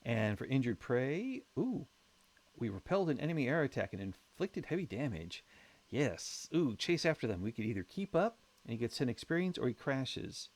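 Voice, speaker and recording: A man's voice: mid-range voice, very animated, moderate pace. A man commentating his own strategy game as he plays, thinking aloud in a wry, chatty way with self-mocking humour. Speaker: let's play host.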